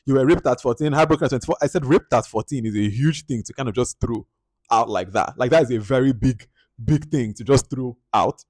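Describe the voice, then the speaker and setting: A man with a Nigerian accent giving a casual spoken film review, animated and exasperated, jumping into high outbursts and dropping to quiet asides. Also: no echo. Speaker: movie reviewer.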